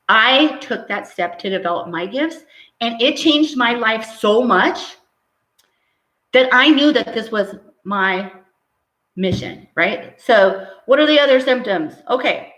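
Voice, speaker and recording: A woman who works as a medium, hosting a live stream, reading out viewer comments and preaching in an animated way that keeps ending on "right?". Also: fairly high pitch, measured pace, reverberant, poor audio.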